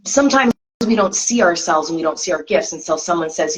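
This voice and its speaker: A woman's voice: on the low side, animated, a little fast. A woman co-hosting a spiritual tarot chat, talking earnestly in repeated coaching phrases over a video call. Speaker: co-host of tarot reading show. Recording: slightly dull lo-fi sound.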